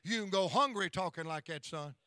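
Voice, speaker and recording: A man's voice: sits high, lively intonation, fairly quick, pushed and bright, no echo. A middle-aged male pastor telling stories in a sermon, emphatic and folksy, often breaking into praise. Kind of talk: storytelling sermon.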